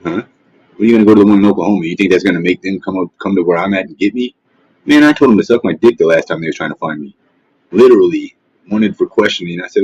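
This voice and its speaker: In dull, dry, lo-fi stream audio, a livestream host speaks quickly in a low, darkish, slightly rough voice. At home and off camera, he trash-talks and mocks in a rambling, profane rant.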